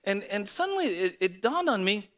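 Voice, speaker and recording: Man, pastor, conversational sermon, rhetorical questions, high voice, very lively pitch. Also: normal speed. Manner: animated, conversational preaching with repeated rhetorical questions.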